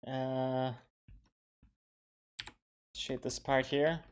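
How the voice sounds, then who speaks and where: Brief: man, mid pitch, comic artist on a live stream, loose rambling chat, pokes fun at himself. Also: little pitch movement, smooth. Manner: chatty, self-deprecating, talks to viewers in the chat; quick rambling bursts with many fillers. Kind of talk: casual live-stream chat while drawing.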